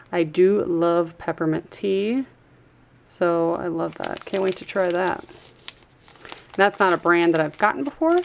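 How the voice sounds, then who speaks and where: A woman's voice: mid-range voice, vocal fry, a little hiss or hum. A woman vlogger chatting casually as she unboxes products and reads out labels. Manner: chatty, trails off while reading labels. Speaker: YouTube vlogger.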